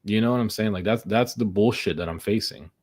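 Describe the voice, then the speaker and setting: A young man with a fairly low voice talks through his trades live, and he keeps muttering and swearing about picking the wrong way. He sounds worn down and exasperated as the losses pile up. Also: a little fast, darkish tone. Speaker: day trader streaming live. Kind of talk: frustrated live commentary.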